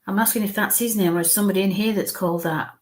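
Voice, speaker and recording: Brief: woman medium on a live reading, mid-pitched, halting delivery, drops to quiet coaxing murmurs between descriptions. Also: steady tone.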